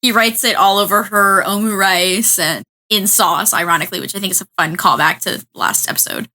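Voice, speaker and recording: A woman co-hosting a casual anime podcast, eagerly retelling scenes with many "like"s and quick restarts. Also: medium pitch. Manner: lively storytelling with repeated "like" and restarts. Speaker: podcast co-host. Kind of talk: casual anime recap chat.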